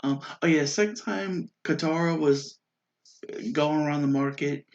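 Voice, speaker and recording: A man's voice: on the high side, moderate pace. Chatty man rambling through a review. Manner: rambling and chatty, with many fillers and restarts; excited and enthusiastic. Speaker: YouTube show reviewer. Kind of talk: casual spoken review. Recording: dull lo-fi sound.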